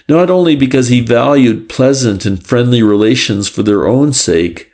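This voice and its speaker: Male audiobook narrator, measured and even. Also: medium pitch, gravelly. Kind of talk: scripted narration.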